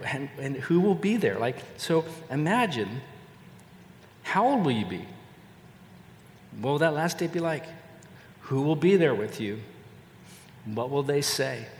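An older man preaching a sermon as a pastor, earnest and measured, repeating phrases for emphasis. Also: fairly high pitch, a little hiss or hum. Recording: echoey hall with long reverb and faint ambience.

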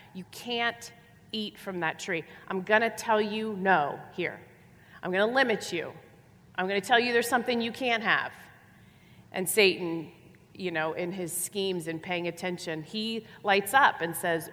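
A woman delivers a sermon with a slightly low voice, pressing her points through repetition and rhetorical questions. Her voice rings out with a long reverb, as if recorded in a large hall. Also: a little slow, fairly bright tone. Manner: emphatic, repeats phrases and asks rhetorical questions. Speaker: preacher.

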